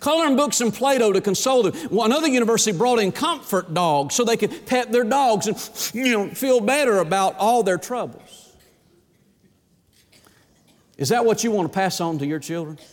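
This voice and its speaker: A man's voice: high voice, expressive, moderate pace. A man preaching a sermon as a pastor, with an emphatic delivery that rises and falls. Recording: long hall reverb.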